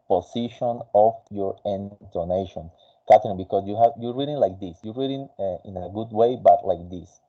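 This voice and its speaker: A man's voice: on the low side, dull audio. A man teaching an English class, patiently coaching a student with many fillers and restarts.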